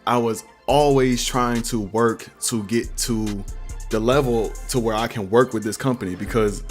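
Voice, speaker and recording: A young man who makes beats hosts a livestream Q&A, rambling casually and using plenty of slang in a laid-back way. His mid-range voice keeps fairly even intonation at a moderate pace, with a faint beat audible behind him.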